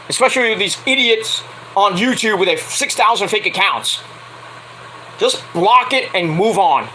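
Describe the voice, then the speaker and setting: A man's voice: sits high, bright, forceful tone, slight background noise, rough recording. A man ranting heatedly on a late-night livestream, swearing constantly as he reviews wrestling. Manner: profane, heated, fired-up ranting.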